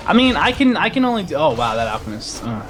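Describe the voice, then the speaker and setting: Male esports caster, excitable and rambling, very animated pitch. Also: over music. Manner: excitable, rambling, quick to laugh. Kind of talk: game commentary.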